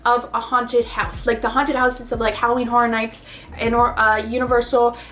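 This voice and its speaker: Chatty high-voiced young woman coaching. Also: normal speed, slight background noise. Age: 20s. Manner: chatty, animated, acts out scenes in quotes, swears casually. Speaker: vlogger. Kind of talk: casual motivational talk.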